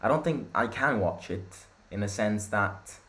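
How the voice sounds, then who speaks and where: A young Italian man hosting a live football watchalong, chatting with viewers and reacting loudly to the play. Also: on the low side, lively intonation, measured pace. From Italy. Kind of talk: live match watchalong commentary.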